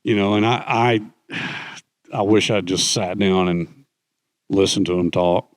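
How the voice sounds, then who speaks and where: A middle-aged man telling anecdotes in a relaxed conversational way, animatedly acting out the voices of people he quotes. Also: sits low, a little slow, dry recording. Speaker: guest speaker, author. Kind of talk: conversational storytelling.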